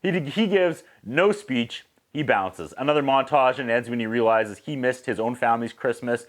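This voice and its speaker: A man from Canada, casually recapping a movie as a reviewer, lively and mimicking sound effects. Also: medium pitch, normal speed. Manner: animated, mimics whistles and acts out quotes.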